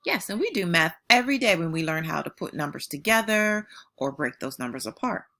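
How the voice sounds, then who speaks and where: Warm-hearted woman teacher, bright lively delivery, slow clear modeling of sounds for young kids. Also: fairly low pitch. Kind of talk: phonics lesson for young children.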